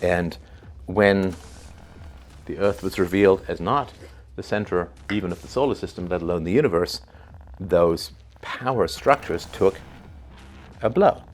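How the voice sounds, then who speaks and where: In unscripted spoken commentary, a man with a deep voice talks a little slowly, leaving long pauses over a faint hiss or hum. His style is loose and conversational, packed with fillers and rhetorical "right?" tags, and he sometimes chuckles at his own examples.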